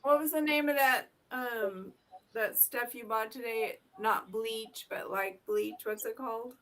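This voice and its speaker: A woman's voice: a little high, measured pace, a bit bright. A woman chatting casually as a guest on a live stream, easygoing and joking. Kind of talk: casual chat.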